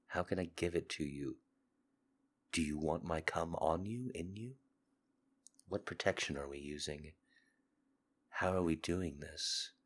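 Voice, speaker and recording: A man hosting a podcast with a sick, hoarse voice, talking in an intimate confessional monologue. He is earnest and seductive, swinging between loud urging and soft murmurs. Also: a bass voice. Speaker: podcast host.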